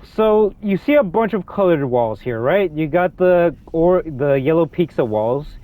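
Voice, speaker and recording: A young man giving excitable, rambling commentary over a game, swinging between low mutters and loud outbursts. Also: a little slow, no room sound, phone-quality sound. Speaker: gaming youtuber. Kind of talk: ranting gameplay commentary.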